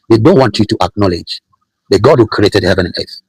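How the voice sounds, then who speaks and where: Husky emphatic male preacher. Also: on the low side, a little fast, no echo, poor audio. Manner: emphatic, repetitive, rhetorical questions. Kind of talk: sermon.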